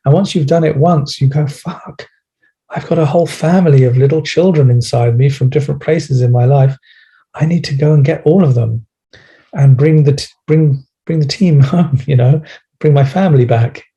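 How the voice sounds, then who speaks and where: A man speaking as a podcast guest with a British accent, in a gentle, coaxing way with slow pauses. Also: on the high side. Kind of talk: podcast conversation.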